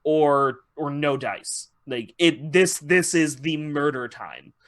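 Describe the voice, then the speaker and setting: A man voicing a gruff, scarred male warrior who speaks bluntly and with profanity, in a casual podcast retelling. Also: fairly high pitch, takes it slowly, a bit bright.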